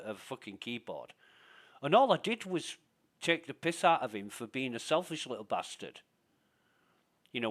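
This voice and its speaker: A man's voice: medium pitch, fairly bright tone. Blunt swearing man venting. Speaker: streamer. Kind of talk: casual gaming chat.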